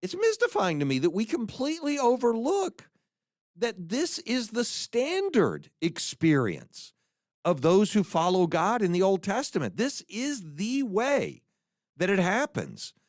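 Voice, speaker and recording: Male podcast teacher, high-pitched and lively, earnest scripture reading, close dry mic. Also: a little slow, no echo. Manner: earnest and animated, quoting scripture with feeling, small restarts. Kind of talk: conversational Bible teaching.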